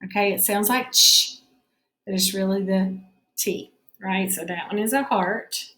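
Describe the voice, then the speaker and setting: A woman's voice: medium pitch, bright, forceful tone, reverberant. Woman teacher sounding out spelling. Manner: patient, sounds words out slowly. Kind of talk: spelling lesson for children.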